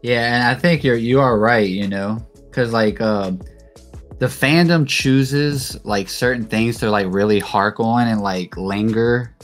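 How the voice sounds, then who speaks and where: A man co-hosting a podcast, speaking in a halting way full of filler words. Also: mid-range voice, soft background music. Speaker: podcast co-host. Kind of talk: casual chat.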